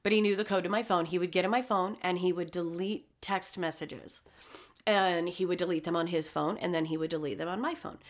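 Profane, animated woman telling a story. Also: on the low side, brisk. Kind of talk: casual storytelling chat.

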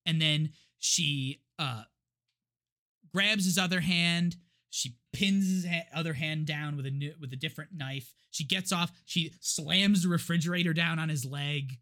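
A man's voice: on the high side, measured pace, sharp tone. A man co-hosting a podcast, retelling a movie's plot in casual chat with lots of restarts and laughs. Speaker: podcast co-host.

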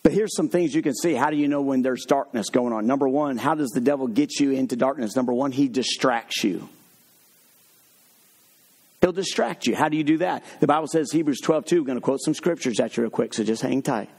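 A man preaching a sermon, mixing funny stories with slow, emphatic points. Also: medium pitch, breathy edge. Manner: lively, humorous storytelling with sudden drops to slow emphatic points.

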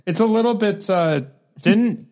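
A man's voice: high-pitched, unhurried, darkish tone. A young man co-hosting a true-crime podcast, asking curious questions and joking along casually. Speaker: podcast co-host.

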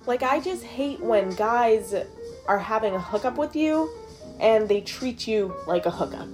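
A woman's voice: fairly high pitch, animated, measured pace, over music. A young woman hosting her own show, telling a story in a casual, chatty way, swearing and saying "like" a lot. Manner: profane, chatty, heavy use of "like". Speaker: show host.

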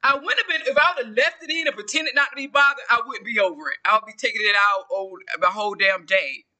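Man, high voice, very bright and forceful tone, casual solo vlog, rambling talk, repeats himself and restarts sentences. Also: fast. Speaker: podcaster and YouTuber.

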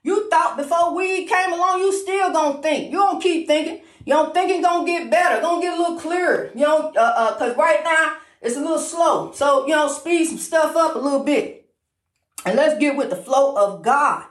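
A high-pitched woman preaches to the listener in an informal, fervent way, hammering phrases again and again and calling them honey. She races ahead whenever she gets excited. The sound bounces around an echoey room. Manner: repetitive, emphatic, calls the listener honey; talks fast when excited. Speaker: inspirational speaker.

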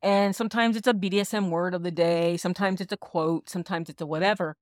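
A woman's voice: on the low side, steady tone, quick pace, no echo, studio quality. Frank, laughing woman podcast host. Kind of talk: casual podcast chat.

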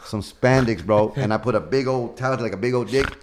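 A man's voice: medium pitch, fairly quick, background noise. A male comedian being interviewed, telling long profane stories in a casual, rambling way. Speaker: comedian guest.

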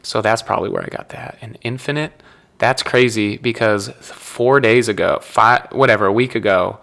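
Bright-voiced young man rambling with laughs. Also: fairly low pitch, moderate pace, gravelly. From Nebraska. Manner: rambling storyteller, laughs often, self-corrects. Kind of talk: casual chat.

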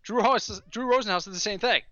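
Animated, bright-voiced man telling stories. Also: sits high, fast, no echo, lo-fi sound. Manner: animated storyteller, rants with comic punchlines. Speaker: podcast co-host. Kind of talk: casual sports podcast chat.

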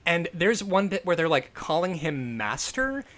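A man's voice: a little high, a little slow. A man in casual, profane movie chat, telling stories with lots of energy and laughter. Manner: animated, profane, laughing storyteller. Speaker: podcast co-host.

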